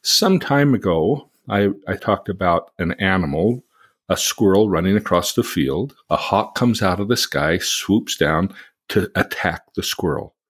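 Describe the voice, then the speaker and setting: Middle-aged guy cohosting a podcast, husky voice, earnest teacher vibe, explains stuff step by step. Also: low-pitched, a little slow. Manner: earnest, explanatory, acts out angry outbursts. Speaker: podcast co-host. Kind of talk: conversational teaching talk.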